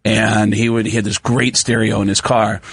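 A man's voice: on the low side, moderate pace, slightly rough, dry recording. A middle-aged man, a comedian guest, telling stories in casual chat and acting out the voices in them. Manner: animated storyteller who acts out voices.

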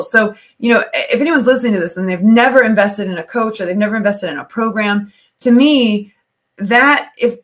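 A woman's voice: medium pitch, a bit bright. A woman hosting a podcast interview, talking with enthusiasm and rambling through many restarts. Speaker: podcast host. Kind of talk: casual interview chat.

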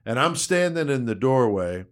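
A man casually telling a rough work story, cursing constantly and acting out the quotes. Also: mid-range voice, normal speed. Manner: profane, animated, acts out quotes.

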